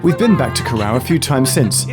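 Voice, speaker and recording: A man's voice: medium pitch, very animated, fairly quick. Man narrating a travel documentary over guitar. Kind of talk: scripted narration. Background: guitar music.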